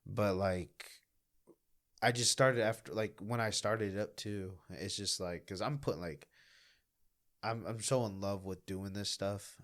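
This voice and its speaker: A young man and stand-up comic, telling stories in a rambling, animated way and swearing often in casual podcast chat. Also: lowish voice, measured pace.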